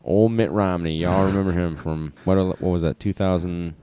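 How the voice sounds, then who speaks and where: Low dry voice, podcast guy, wry jokes, casual chat. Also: fairly even intonation, moderate pace, dark tone, no room sound. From Iowa. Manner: wry, joking asides. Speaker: podcast co-host.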